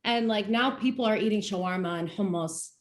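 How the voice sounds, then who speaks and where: A young woman from Palestine, speaking in a casual chat and telling stories in an animated way with frequent laughs. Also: mid-range voice, fairly quick. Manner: animated storytelling, laughs often. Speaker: guest speaker.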